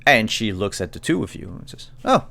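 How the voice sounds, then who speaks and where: A man's voice: fairly low pitch, expressive, a little fast, creaky, bright, forceful tone. A man narrating as game master in a live-streamed tabletop game, hesitant and full of ums and restarts. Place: home streaming setup.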